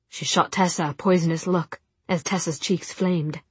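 A woman narrating an audiobook in soft, measured storytelling with a breathy voice. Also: on the low side, steady tone, no echo. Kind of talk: scripted narration.

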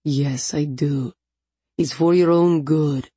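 A woman voicing a menacing male captor who speaks slowly and soothingly in a thick accent. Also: low-pitched, steady tone, warm tone, slightly rough, no echo, exaggerated voice. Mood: calm, menacing. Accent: thick foreign accent. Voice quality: slow, soothing, controlled.

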